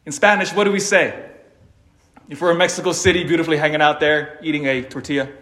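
A man giving a sermon, animated and dramatic, swinging between loud emphasis and quiet asides, with an occasional chuckle. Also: fairly high pitch, fast talker, roomy sound. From Philippines (family). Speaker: preacher.

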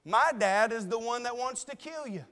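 A man's voice: extremely high pitch, lively intonation, moderate pace, sharp tone, long reverb tail, exaggerated voice. A man preaching who voices an honest, loyal young prince pleading on behalf of his friend, in an earnest, repetitive manner. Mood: firm. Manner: earnest, pleading, repeats himself.

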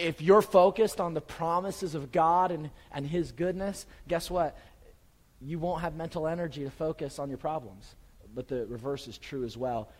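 A man preaching a sermon as pastor, swinging from urgent, raised emphasis to quiet, soft reassurance. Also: on the high side, long reverb tail, low-quality recording.

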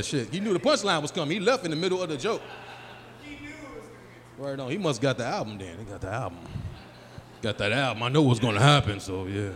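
A man's voice: mid-range voice, a bit bright. A man in his forties doing live stand-up comedy in a small venue, bantering loosely and profanely with the crowd. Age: 40s. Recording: live room with long reverb, faint noise.

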